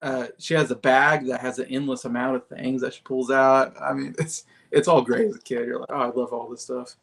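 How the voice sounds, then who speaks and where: Guy rambling on a podcast, bit of vocal fry, mid pitch, laughing here and there. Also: steady tone, a little fast. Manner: rambling, many fillers and soft laughs. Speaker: podcast guest. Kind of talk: casual chat.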